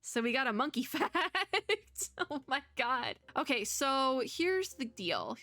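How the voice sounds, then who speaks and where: Young woman gamer, chatty and animated, bright tone, dry mic. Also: high-pitched, a little slow, dry recording. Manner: chatty, animated, reads lines in voices, laughs often. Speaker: gaming YouTuber. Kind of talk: let's play commentary reading game dialogue aloud.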